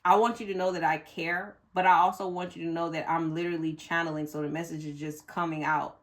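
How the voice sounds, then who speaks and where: A woman's voice: deep voice, level tone, a little fast. A woman reading tarot cards for viewers in a casual, emotional way, cursing freely as she goes. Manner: blunt, emotional, curses freely. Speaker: tarot reader.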